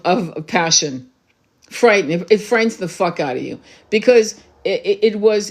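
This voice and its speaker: Fiery, urgent woman spiritual reader. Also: medium pitch. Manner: passionate, urgent, swears freely; emphatic, repeats herself for emphasis. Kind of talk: livestream monologue to viewers.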